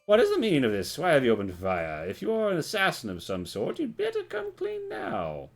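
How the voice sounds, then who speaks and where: A man putting on a high, prissy pompous officer. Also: wildly swooping pitch, brisk, exaggerated voice. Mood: pompous, fussy. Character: fussy pompous male officer inspecting a field.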